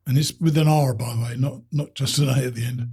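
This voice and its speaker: Husky-voiced male podcast host. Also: medium pitch, fairly even intonation, quick pace, warm tone. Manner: chatty, laughs often. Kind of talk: casual podcast interview.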